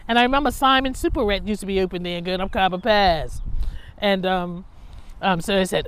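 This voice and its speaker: A woman's voice: medium pitch, normal speed, clean tone. A woman telling her own life story in a candid, conversational way, reflecting on her past and laughing at herself.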